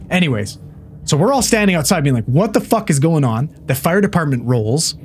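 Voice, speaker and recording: A man, a paramedic, spins a call story in loose, profane chat. His voice sits a little higher than most men's, and he acts out the cops and his partner as he goes. Faint noise hums under him. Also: fairly quick. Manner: profane, animated storyteller who acts out what people said.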